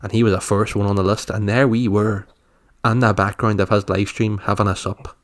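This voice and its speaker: Irish man telling a story, low voice. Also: level tone, fairly quick. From Ireland. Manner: storytelling, laughing, acts out quotes. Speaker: podcast co-host. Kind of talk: casual chat.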